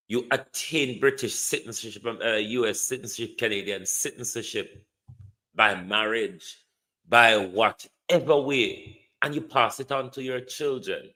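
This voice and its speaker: A man's voice: mid-range voice, bright, forceful tone, poor audio. A Jamaican man hosting a livestream, delivering a scornful, emphatic political rant and repeating his insults. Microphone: streaming setup.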